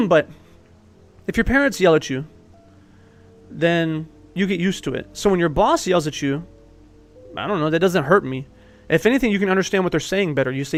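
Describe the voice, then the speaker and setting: A man with a fairly high voice gives blunt life advice in a loose, casual monologue. He swears freely and laughs between points. Soft music plays faintly behind him. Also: big pitch swings, a little fast. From Italian heritage. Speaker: life coach.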